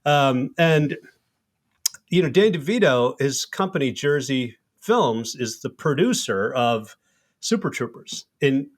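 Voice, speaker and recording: A middle-aged man hosting a podcast, telling a lively anecdote. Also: mid-range voice, a little slow. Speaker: podcast host. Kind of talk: casual conversation.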